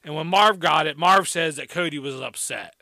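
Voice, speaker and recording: A man co-hosting a podcast, telling a story in a rambling, animated way with lots of fillers. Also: a little high, moderate pace, gravelly, no room sound. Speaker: podcast co-host.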